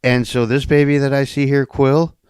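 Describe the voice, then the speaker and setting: A man's voice: medium pitch, flat delivery, moderate pace, a little mellow, clean tone, no echo, studio quality. A man co-hosting a podcast, teasing and joking in casual chat. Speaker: podcast co-host.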